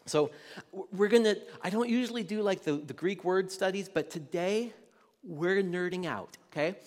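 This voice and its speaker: Pastor, male, high voice; loose, chatty preaching that quizzes the room, reverb-heavy church hall. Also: normal speed, a little mellow. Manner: conversational, quizzes the room, many restarts. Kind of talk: sermon to a congregation.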